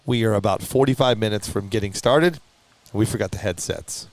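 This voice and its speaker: A man hosting a live show, telling an animated story, laughing and acting out other people's lines. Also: normal speed. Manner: laughing, acts out others' lines in high voices. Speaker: show host. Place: hobby shop studio.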